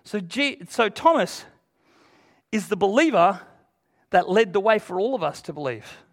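A man with a strikingly high-pitched voice preaches an earnest, emphatic sermon. He retells scripture in plain, everyday words for his congregation. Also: big pitch swings, normal speed.

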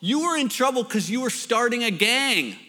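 A man's voice: very high-pitched, big pitch swings, moderate pace, bright, forceful tone, big-room sound, soft background music, pitched above the performer's own voice, exaggerated voice. A man quoting his friend's cheerful middle-aged mother in a light, amused voice. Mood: chirpy.

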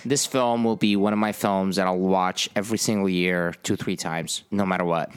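A man's voice: low voice, steady tone, moderate pace, clear, resonant tone. A man from the Middle East, a filmmaker co-hosting a casual film podcast, talking emphatically with lots of swearing and laughter. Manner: profane, emphatic, laughs often.

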